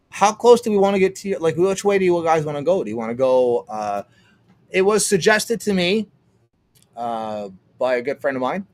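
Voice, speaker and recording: A young man from Canada rambling casually on a livestream, swearing often and restarting his sentences. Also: a little high. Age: young adult. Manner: rambling, profane, trails off and restarts. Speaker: streamer.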